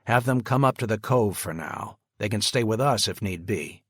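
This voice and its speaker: Man playing a middle-aged father, commanding, clipped, low husky voice. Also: moderate pace, no echo, studio quality.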